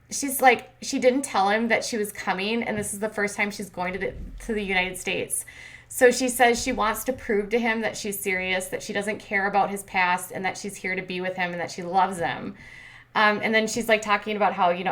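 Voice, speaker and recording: A woman's voice: mid-range voice, normal speed, fairly bright tone. A woman hosting a commentary channel, recapping a reality show in a chatty, filler-heavy way with sarcastic asides.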